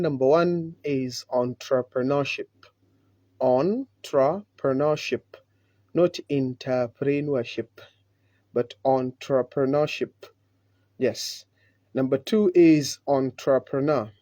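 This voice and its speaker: Man, pronunciation lesson, deliberate, repetitive, mellow voice. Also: mid-range voice, dry recording. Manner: slow and deliberate, repeats words, many "uh" fillers. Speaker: English pronunciation teacher. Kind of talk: live online pronunciation lesson.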